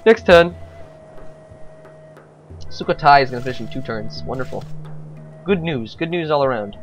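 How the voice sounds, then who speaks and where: A man's voice: mid-range voice, lively intonation, a little fast, soft background music. A man giving casual let's-play commentary on a strategy game, thinking aloud with frequent hesitations.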